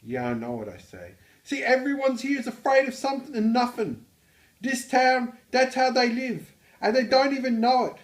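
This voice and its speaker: A man voicing a brash, world-weary teenage boy in an exaggerated put-on Australian accent, with a shrill, overblown dramatic delivery. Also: very animated, normal speed, echoey room. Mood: intense.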